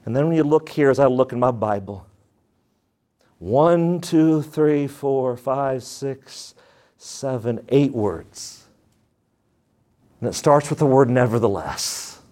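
A man's voice: medium pitch, dark tone. A male pastor preaching a sermon, reading scripture emphatically and leading the congregation in prayer. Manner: slow prayerful tone.

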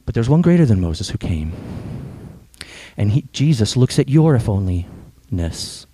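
A man preaching a sermon earnestly and emphatically, with dramatic pauses. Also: mid-range voice, very animated, dark tone, husky, no echo. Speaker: pastor.

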